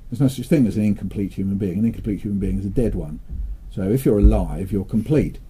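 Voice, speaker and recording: An older man from England, talking in a relaxed interview with a dry, playful manner and telling jokes with lively delivery. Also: fairly low pitch, fast, husky. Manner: dry, playful, animated when storytelling. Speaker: interviewee, children's author.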